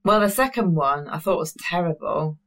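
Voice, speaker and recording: A woman's voice: on the low side, animated, normal speed, low-quality recording. A woman talking casually about films in a dry, scornful manner. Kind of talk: casual film-review chat.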